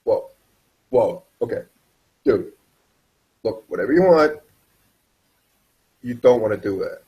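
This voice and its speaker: A man's voice: medium pitch, sing-song, slow pace, highs cut off. A jittery, blustering chop-shop owner stammers and curses his way through every line, as a man puts him on. He sounds defensive and rattled, in an ordinary mid-range male voice. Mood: panicked.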